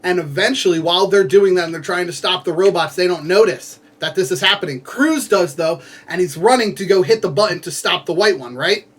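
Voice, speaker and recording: A man with a notably high voice casually retells a story from a book, rambling through it with plenty of filler words. He breaks off now and then into playful asides to his viewers, talking from home. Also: a little fast, hardly any pauses, a bit bright. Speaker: book recapper.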